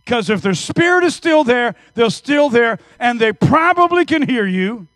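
A man in his fifties preaching a sermon in church, telling stories energetically and swinging between hushed and loud. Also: very high-pitched, big pitch swings, measured pace, no room sound. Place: church service.

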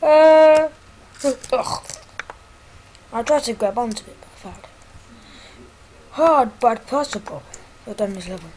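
A woman commentating on her own gameplay, excitable and jokey, quick to yelp and exclaim. Her pace is slow and her pitch sits in the middle of the range. A faint hiss runs under the recording. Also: poor audio. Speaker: gaming YouTuber.

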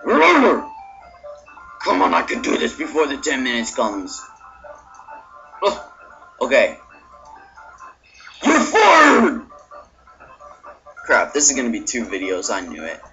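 A young man giving frustrated, excitable commentary over a game he is playing, often yelling. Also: medium pitch, a little fast, few pauses. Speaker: gameplay video maker. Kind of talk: frustrated let's-play commentary. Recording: dull lo-fi mic with game music.

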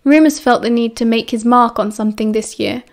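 A woman's voice: fairly high pitch, brisk. British woman reading an audiobook. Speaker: audiobook reader. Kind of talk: audiobook narration.

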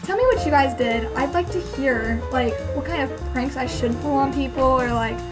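A woman's voice: high voice, normal speed, music in the background, poor audio. A young woman vlogger chatting casually to camera, telling a story with lots of "um" and "like". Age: student.

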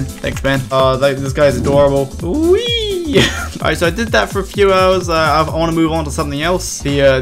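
A man talking casually over his own gameplay, chatty and excitable, laughing often and poking fun at himself. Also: medium pitch. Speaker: gaming channel host.

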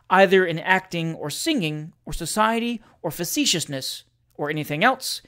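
A reader giving a lively, theatrical reading of a comic story, with expressive narration. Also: medium pitch. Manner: lively, theatrical narration with shouted character lines. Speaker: reader of classic fiction.

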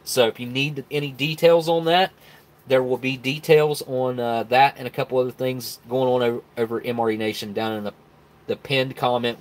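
A man's voice: mid-range voice, slight background noise. A man hosting a casual live stream, greeting viewers by name and rambling through announcements.

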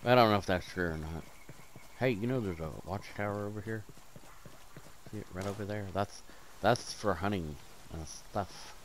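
A man giving rambling, joking commentary over his gameplay, swearing often and jumping between loud bursts and mumbled asides, wired on caffeine. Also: deep voice, moderate pace, slight background noise.

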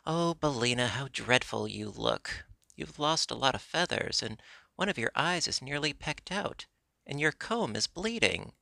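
A man voicing an earnest, proper young girl in a storybook reading, speaking a little higher and primly. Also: animated, moderate pace, vocal fry, sharp tone, dry recording, full character voice. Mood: dismayed.

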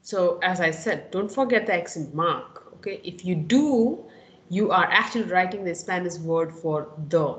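A woman's voice: lowish voice, expressive, moderate pace. Woman, teacher, step-by-step explaining, frequent "okay?" check-ins, roomy echo. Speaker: Spanish teacher. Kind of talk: online lecture.

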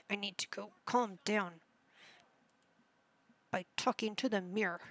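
Woman gamer host, unhurried, dry close-mic sound, casual running commentary talking to her characters. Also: mid-range voice, a bit bright, no room sound. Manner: chatty, talks to the game characters as she plays. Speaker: gaming channel host. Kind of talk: casual let's-play commentary.

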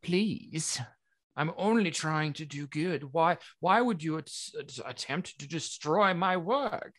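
A formal, defensive alchemist, as a game master puts him on, pleading to be left alone while insisting every harvest is licensed. The voice moves slowly and swings widely in pitch, and it sounds close and dry with no room echo. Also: animated, a bit bright. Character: alchemist licensed to harvest crab blood, self-justifying. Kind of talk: in-character tabletop role-play.

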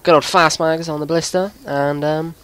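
A young man, giving excitable gameplay commentary as a video host, swearing and shouting at opponents. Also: on the high side, moderate pace, clear, resonant tone, dry recording.

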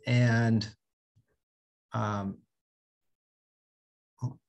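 A man starting a quick update over a video call, unhurried and slightly fumbling. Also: mid-range voice, level tone, creaky. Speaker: county official presenting metrics.

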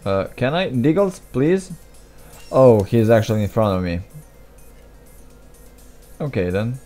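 A young man talks through a game in a slow, unhurried way, with a soft, mellow tone. He mutters, restarts his sentences and makes self-deprecating asides. Faint game music plays behind him. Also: medium pitch, lively intonation. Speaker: gameplay commentator. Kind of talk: casual gameplay commentary.

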